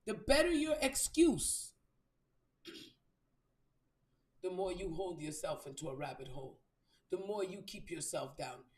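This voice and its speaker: A woman's voice: sits low, slow, pauses often, darkish tone. A woman hosting a live stream as a spiritual reader, giving a blunt, profane motivational talk and repeating phrases for emphasis. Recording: roomy echo.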